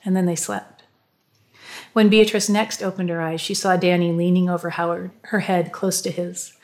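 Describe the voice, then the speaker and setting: A woman narrating an audiobook in a calm, measured way. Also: lowish voice.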